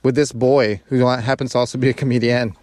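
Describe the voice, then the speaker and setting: A man's voice: medium pitch, little pitch movement, fairly quick, a little mellow, dry recording, clean studio sound. A man co-hosting a podcast in casual, playful chat, teasing his friends. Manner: playful, teasing, bursts into song. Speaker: podcast co-host.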